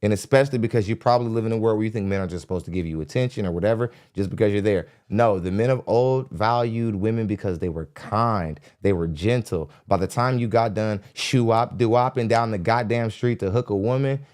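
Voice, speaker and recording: A fairly low-voiced young man rants into a studio mic as a podcast host, blunt and mocking. He scolds in a heated tone and often breaks into laughter between jabs. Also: fairly quick, hardly any pauses, darkish tone. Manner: mimics others in high squeaky voices. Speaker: podcast host reacting to a dating show. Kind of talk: ranting reaction commentary.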